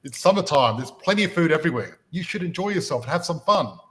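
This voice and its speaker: A man's voice: a little high, animated, quick pace, fairly bright tone, pitched above the performer's own voice. A man doing a carefree, mocking grasshopper. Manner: taunting, easygoing.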